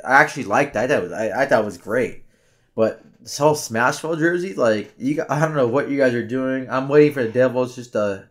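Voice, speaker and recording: A man co-hosting a casual hockey podcast, rambling with many halting restarts. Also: medium pitch. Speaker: podcast co-host. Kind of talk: casual sports chat.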